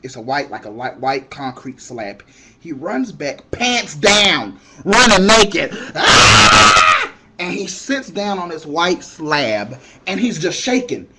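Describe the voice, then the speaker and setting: A young man telling a comic story in an excitable way, shouting the punchlines and acting out the other people in it. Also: a little high, slow pace, background noise.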